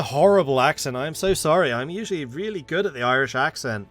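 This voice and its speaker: A man's voice: on the high side, animated, quick pace, few pauses, a bit bright, faint music behind. A man chatting casually and thinking aloud as he plays a video game, poking fun at himself. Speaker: gaming YouTuber. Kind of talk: casual gameplay commentary.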